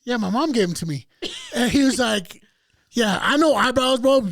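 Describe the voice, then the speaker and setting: Gravelly animated man telling a story. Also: extremely high pitch, moderate pace, a crowd in the background. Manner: animated, profane, acts out other people's voices. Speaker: podcast co-host. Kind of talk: casual storytelling.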